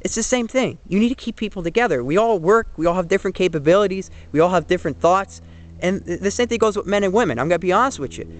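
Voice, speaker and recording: A young man in his twenties, a vlogger, talks to the camera in a casual opinion monologue. His voice sits high, expressive and fast, and he rambles earnestly, full of fillers and restarts.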